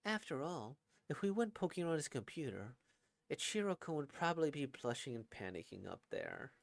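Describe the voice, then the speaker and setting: A man doing a soft-spoken motherly woman. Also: a little high, sing-song, vocal fry, no echo, voice pushed up. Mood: fond. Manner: soft, fond and unhurried.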